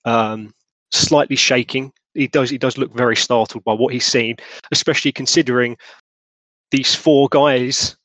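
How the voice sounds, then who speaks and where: A man running a tabletop role-playing game, narrating scenes in a relaxed, descriptive way. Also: medium pitch, normal speed, no room sound. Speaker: game master.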